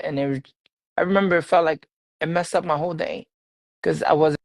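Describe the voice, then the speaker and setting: A man telling a personal faith testimony in a casual interview, animated and laughing often, repeating his phrases. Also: fairly high pitch, a little fast, no echo, poor audio. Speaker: guest sharing a faith testimony.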